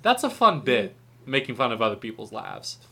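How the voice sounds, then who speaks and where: A man's voice: mid-range voice, big pitch swings, moderate pace, bright, forceful tone, husky. A man in casual chat recapping a film, joking, swearing and acting out quotes. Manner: profane, joking, acts out quotes.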